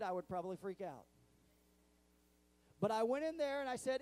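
Young male pastor, sermon, conversational storyteller, slightly higher, mellow tone. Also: animated, a little fast. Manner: storytelling and conversational, with many restarts. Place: church sanctuary.

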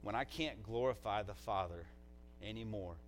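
A man's voice: on the low side, moderate pace, slight background noise, poor audio. A man, a pastor, delivering a eulogy in a conversational, heartfelt way, often dropping in "man" as a filler.

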